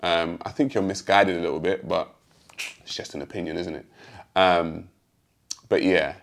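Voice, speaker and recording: A British man hosting a response video, speaking in a measured, calmly pointed way straight to his critic. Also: low voice, creaky. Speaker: host answering a critic. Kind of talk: direct-address response video.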